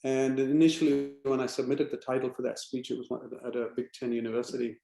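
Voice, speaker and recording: A man's voice: medium pitch, flat delivery, fast talker, roomy sound. A man giving reflective, emphatic advice as the guest in a fireside chat over a video call. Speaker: guest speaker.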